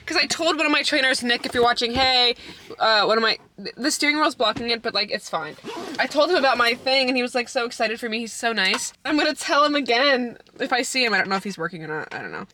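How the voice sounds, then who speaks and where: A woman's voice: high voice, animated, normal speed, sharp tone, slight background noise. A young woman and fitness coach chatting casually to her phone camera in a vlog, bubbly and swearing now and then. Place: home, then car and gym.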